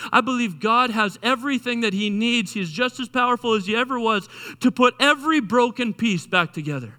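Male pastor, sermon, bright and sharp tone, animated delivery with restarts, reverberant hall. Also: very high voice. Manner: animated, repeats and restarts words.

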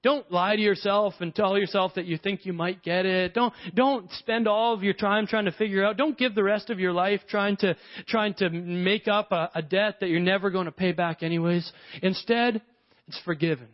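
High-voiced man preaching casually. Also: steady tone, normal speed, dull audio. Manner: conversational, acts out characters in the parable. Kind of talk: sermon.

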